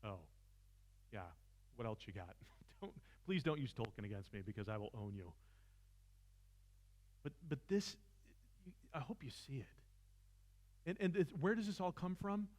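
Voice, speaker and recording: Expressive and moderately paced with frequent pauses, a man's mid-range voice carries an impassioned philosophy seminar in a church seminar room. He pushes toward near-shouting and leans on self-deprecating humor.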